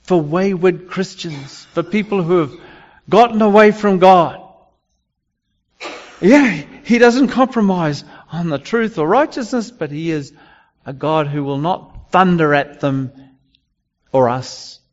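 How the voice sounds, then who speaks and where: A man delivers a sermon at an unhurried pace, stopping and restarting his phrases as he goes. His voice sits a little high for a man. The recording is dull and lo-fi, with a long hall reverb. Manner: halting, with many restarts and fillers. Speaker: preacher.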